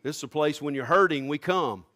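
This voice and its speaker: A male pastor preaching a sermon, rising fervently to near-shouts. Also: fairly high pitch, brisk.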